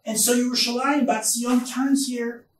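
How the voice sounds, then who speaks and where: A rabbi giving a Bible lecture at a conference, emphatic, with loud stresses and quiet asides. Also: male voice, very high voice, little pitch movement, normal speed. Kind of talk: Torah lecture. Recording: echoey hall, distant mic, faint noise.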